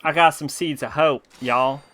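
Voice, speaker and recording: A man's voice: fairly high pitch, steady tone, unhurried, a bit bright. A man reading out game villagers' lines in an exaggerated, fake Southern drawl, hammy and tongue-in-cheek. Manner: hammy read-aloud of game dialogue. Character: game villagers, rustic grateful folk.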